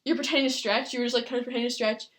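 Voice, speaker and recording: A young woman with a fairly high voice, talking fast as she tells a story on a casual podcast. She chats freely and often acts out what other people said. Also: steady tone. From Canada. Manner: chatty storytelling, quoting others. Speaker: podcast co-host. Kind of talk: casual chat.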